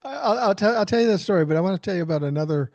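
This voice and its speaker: A man co-hosts a casual podcast, spinning an animated anecdote and swearing freely. His voice sits fairly high but sounds mellow and soft-edged. The recording is dry and a bit muffled. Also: very fast, no room sound. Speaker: podcast co-host. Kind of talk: casual storytelling chat.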